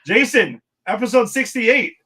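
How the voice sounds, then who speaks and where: Easygoing bright man hosting a podcast. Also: very high voice, lively intonation, a little slow, slight background noise, poor audio. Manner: easygoing, laughs often, loose fillers. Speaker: podcast host. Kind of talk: casual podcast chat.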